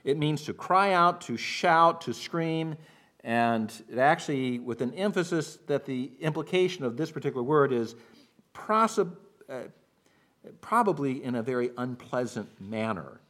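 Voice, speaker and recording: A man preaching a sermon as pastor, walking through scripture and now and then acting out the shouting of the people in the story. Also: medium pitch, moderate pace. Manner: expository preaching, acts out shouted quotes.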